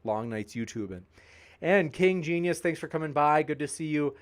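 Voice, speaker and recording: A man hosting a debate channel, reading live chat shoutouts with jokey, playful banter and growing tired. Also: on the high side, animated, moderate pace. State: tiring, sipping water.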